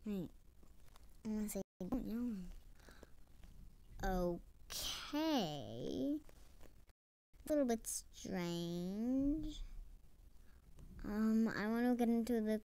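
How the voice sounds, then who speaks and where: A woman's voice: fairly high pitch, big pitch swings, drawn-out words, pauses often, dark tone. A woman giving casual, playful commentary on her own gameplay. She repeats short phrases over and over as she types them, and sometimes drops into a whisper. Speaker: gamer narrating her own play.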